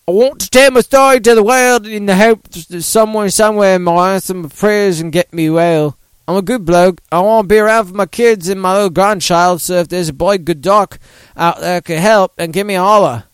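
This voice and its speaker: A man's voice: high-pitched, normal speed, smooth, no echo, pitched above the performer's own voice, natural voice. A man putting on a pleading older Australian bloke. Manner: botched Australian accent drifting into Southern.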